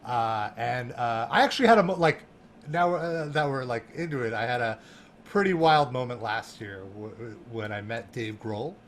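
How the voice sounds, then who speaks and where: A man guesting on a podcast, telling an animated story with laughter and lots of "like" fillers. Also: medium pitch, moderate pace, a little hiss or hum. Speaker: guest, music journalist.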